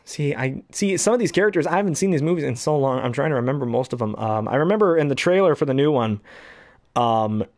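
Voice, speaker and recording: A man's voice: mid-range voice, animated, brisk, darkish tone, dry recording, studio quality. A young man, a hobby voice actor, chatting casually and self-deprecatingly about impressions, rambling with chuckles.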